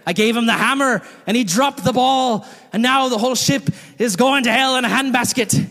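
A man voicing a stern, squinty-eyed old woman pirate captain with a gruff growl, in a reverberant hall. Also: very high-pitched, moderate pace, a bit bright, voice pushed up. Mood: scornful.

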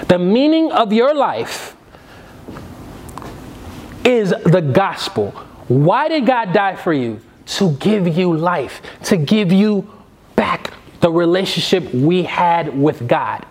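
High, lively-voiced man preaching. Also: slow pace. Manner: emphatic, repetitive preaching cadence. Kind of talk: sermon.

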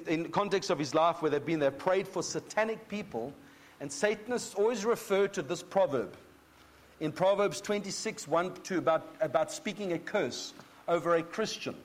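A man teaching a Bible sermon in a conversational way, checking in with his listeners and reading scripture slowly. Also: high voice. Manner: conversational, often checking in with 'okay?'; reads scripture slowly and deliberately. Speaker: pastor.

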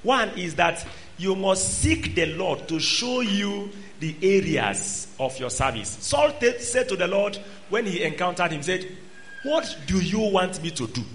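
A man preaching a sermon, swinging between loud exhortation and quiet asides. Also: sits high, expressive, a little slow, slight background noise.

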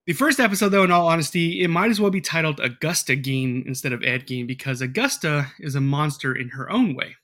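Fairly high-voiced rambling podcast host man. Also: expressive, fairly quick, hardly any pauses, fairly bright tone. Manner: rambling, filler-heavy, profane storytelling. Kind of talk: casual podcast chat.

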